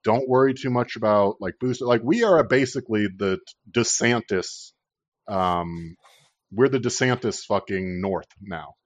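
A man's voice: fairly low pitch, unhurried, no room sound. A man hosting a casual political chat podcast, ranting sarcastically and swearing freely. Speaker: podcast host. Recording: dull lo-fi dry recording.

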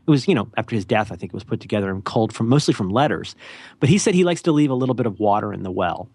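A man's voice: fairly low pitch, expressive, rapid-fire, darkish tone, husky. A man co-hosting a podcast in a casual, rambling, jokey way, with self-deprecating asides. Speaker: podcast co-host.

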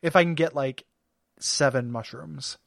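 Podcast co-host, male, slightly high voice, rambling chatty delivery, dry close mic. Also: a little slow, vocal fry, dry recording. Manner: rambling, lots of fillers and restarts, laughs often. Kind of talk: casual chat about a video game. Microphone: studio microphone.

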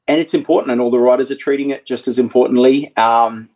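Husky-voiced man on a video call. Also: mid-range voice, fairly even intonation, fast, darkish tone. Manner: easygoing, chatty, laughs often, many restarts. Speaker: guest, former motorcycle racer. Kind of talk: casual podcast chat.

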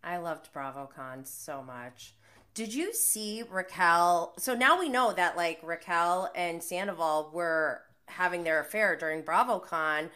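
Eager, lower-pitched woman host. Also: pushed and bright. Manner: eager, chatty, quick reactions. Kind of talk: casual chat.

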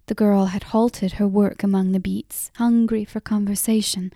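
A woman narrating a fantasy audiobook in a measured, softly drawn-out storytelling voice on a close mic. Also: medium pitch, fairly even intonation, dry recording. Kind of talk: scripted narration.

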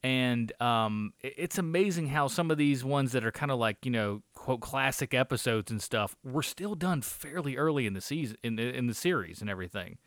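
Speaking at a normal pace with few pauses, a man with an expressive, medium-pitched, slightly bright voice co-hosts a movie review show. His chat is casual, meandering, profane and packed with fillers, recorded dry at studio quality.

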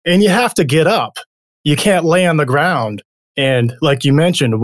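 A man's voice: mid-range voice, normal speed, dry recording, clean studio sound. A male podcast host interviewing a guest in an upbeat, encouraging way.

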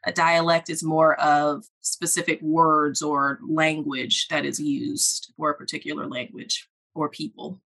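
A woman speech-language pathologist answering questions in a podcast interview, explaining in a measured, deliberate way. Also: sits low, little pitch movement, creaky, a bit bright.

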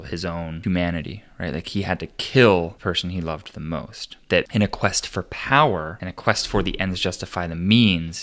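Man, very low voice, casual podcast chat, animated storytelling, lots of fillers. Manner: animated retelling, many "like" fillers, quoting characters. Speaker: podcast co-host. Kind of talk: casual chat, retelling a film scene.

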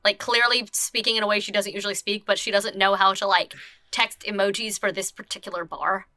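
A woman's voice: mid-range voice, steady tone, brisk, sharp tone, no room sound. A woman playing a character in a tabletop role-playing game, chatting and joking with lots of fillers. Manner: chatty, laughing, many fillers. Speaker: player.

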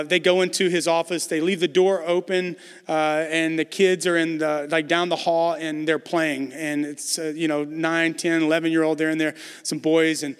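A man's voice: a little high, fairly bright tone, clear, resonant tone, long reverb tail. A man preaching a conversational sermon as pastor, building emphasis through repetition.

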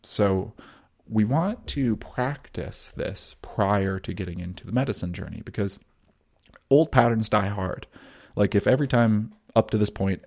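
A man teaching breathwork in a calm, measured, soothing way, with long pauses. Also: sits low, gravelly. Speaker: breathwork and wellness guide. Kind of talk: teaching monologue.

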